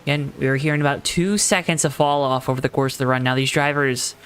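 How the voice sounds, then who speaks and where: A man calling a simulated stock car race in a calm, relaxed announcer voice, mixing play-by-play with easy chat. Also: medium pitch, fast talker, clear, resonant tone. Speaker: sim racing commentator. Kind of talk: play-by-play commentary.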